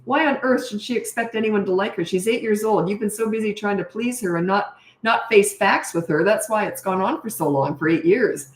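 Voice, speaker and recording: A middle-aged woman coaching parents in a relaxed live Q&A, frank and chatty and quick to laugh at herself. Her voice sits at a medium pitch and bounces around a roomy, echoey space. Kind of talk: casual live Q&A chat.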